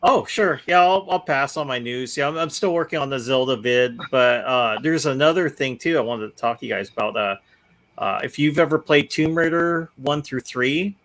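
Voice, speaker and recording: A man in a casual gaming chat, passing on news in a relaxed, filler-heavy way. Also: medium pitch, normal speed. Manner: easygoing, filler-heavy recommending. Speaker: show regular.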